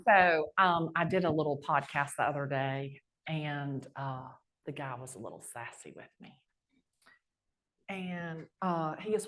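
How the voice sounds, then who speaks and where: Loud lady on stage, low voice, big folksy stories. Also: measured pace. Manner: brash, lively, folksy storyteller. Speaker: guest speaker. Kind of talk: storytelling talk on stage.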